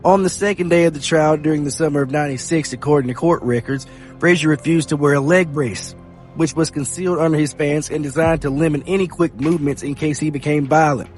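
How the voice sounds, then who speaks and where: A man hosting a podcast, reading news reports aloud in a steady read-aloud delivery. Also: on the high side, a little fast. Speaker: podcast host. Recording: faint music bed behind.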